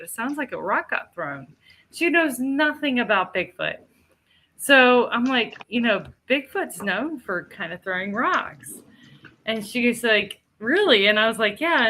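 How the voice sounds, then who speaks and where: A middle-aged woman co-hosting a podcast tells a story casually and animatedly, laughing often and acting out what people said. Her voice is mid-range.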